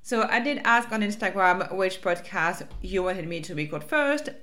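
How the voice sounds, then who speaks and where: A woman's voice: mid-range voice, animated, normal speed, pushed and bright. A woman with a French accent hosting her own podcast as a life coach, talking casually and upbeat with fillers and restarts.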